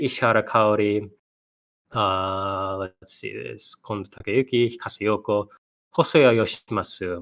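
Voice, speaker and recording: A man's voice: lowish voice, fairly bright tone. A man hosting a casual podcast, reading out previews, laughing often and swearing casually. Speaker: podcast host.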